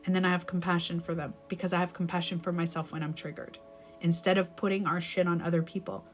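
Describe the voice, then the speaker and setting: A woman's voice: fairly low pitch, flat delivery, fast talker, faint music behind. A young adult woman, a life coach, giving advice in a live stream. She talks candidly and emphatically, swears casually and corrects herself mid-sentence as she rambles.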